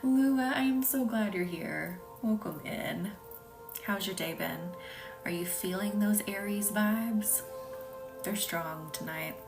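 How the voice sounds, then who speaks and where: A woman with a Midwestern accent, hosting a live reiki session, chatting and reading out viewer comments, sometimes dropping into a soft whisper. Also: mid-range voice, slow, creaky. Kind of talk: live-stream chat with viewers. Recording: distant mic with faint music behind.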